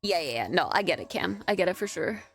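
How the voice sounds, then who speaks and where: A woman's voice: on the low side, expressive, fast talker, creaky, fairly bright tone, slightly rough. Giggly young woman streamer chatting. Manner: giggly, chatty, filler-heavy with "like". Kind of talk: casual live-stream chat.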